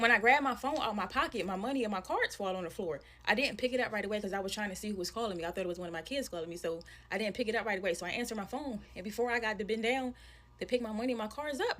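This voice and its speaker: Very fast-talking woman telling a story. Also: on the high side. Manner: animated storytelling, acting out voices in quotes; addresses viewers as y'all, slangy and profane. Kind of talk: casual storytime to camera.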